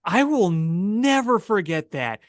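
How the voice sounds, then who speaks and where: A sports podcast co-host in casual chat, telling stories in an animated, incredulous way. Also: mid-range voice, slow, dry recording, clean studio sound.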